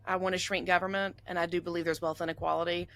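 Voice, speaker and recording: A woman's voice: fairly low pitch, little pitch movement, fast talker, a bit bright, no room sound. A young woman from Ohio with a Southern American accent, hosting a casual political interview in a friendly way. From Ohio, USA. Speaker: podcast host.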